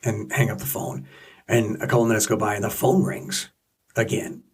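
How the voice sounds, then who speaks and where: A man co-hosting a podcast, telling a family story in earnest, halting casual chat. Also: lowish voice, level tone, slightly rough, far from the mic. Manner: earnest, halting, restarts mid-sentence. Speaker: podcast co-host.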